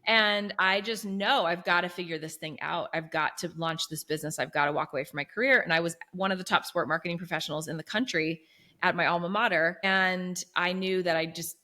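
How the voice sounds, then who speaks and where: A woman in her thirties speaks as a guest in an interview, sharing her story earnestly and with animation. Her voice sits a little low but sounds bright and forceful. She leans on fillers like "you know" and "like" as the thoughts pour out. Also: steady tone, a little fast. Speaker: guest, business coach.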